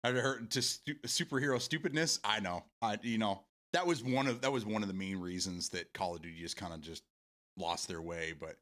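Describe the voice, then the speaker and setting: A man's voice: on the low side, fairly quick, a bit bright. A man streaming games and chatting casually with his viewers, laughing often and swearing freely. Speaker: game streamer. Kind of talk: casual live-stream chat.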